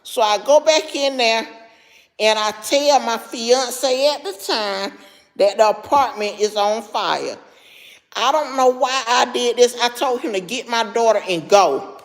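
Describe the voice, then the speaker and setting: A woman's voice: fairly high pitch, a little slow, big-room sound. A middle-aged woman with heavy, labored breathing tells a story to her live chat, stopping now and then to answer viewers by name. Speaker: livestream host.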